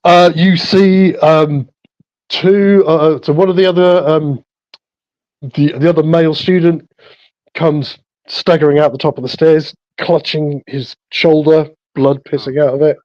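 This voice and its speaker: A man runs a tabletop horror game as storyteller, his voice sitting a little high. He narrates in a relaxed way, pausing on fillers as he goes. The sound is dull and lo-fi, with a dry, close feel. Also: no echo.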